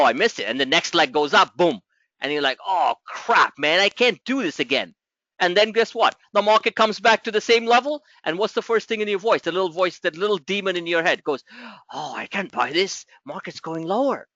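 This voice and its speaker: A man coaching a trading group, explaining markets in an animated, rambling way with many restarts. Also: high-pitched, no echo, highs cut off.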